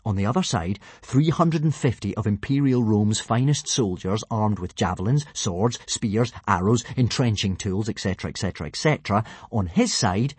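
A man narrating a children's adventure story in a playful, lively manner. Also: lowish voice, slightly rough, dry recording. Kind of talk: audiobook narration.

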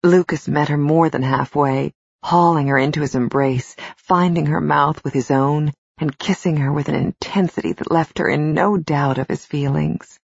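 Gravelly, husky woman narrating a novel. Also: deep voice, normal speed, few pauses, darkish tone, no room sound. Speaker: audiobook narrator. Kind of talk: scripted narration. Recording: slightly dull, dry studio recording.

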